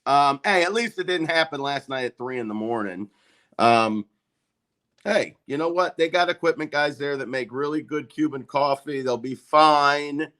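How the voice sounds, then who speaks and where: A man's voice: a little high, normal speed, pushed and bright. A man as a hockey reporter guest on a sports talk show, reassuring and easygoing, with frequent um and uh fillers. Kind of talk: casual sports talk interview.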